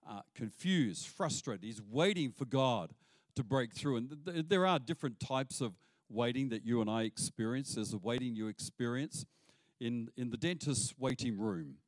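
A man preaching a sermon as pastor, animated and acting out the voices he quotes. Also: medium pitch, moderate pace, dry recording.

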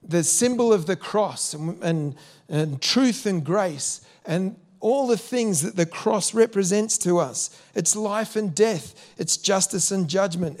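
A man's voice: high voice, a little mellow. A man preaching a sermon, earnest, with some repeated words and direct questions to his listeners.

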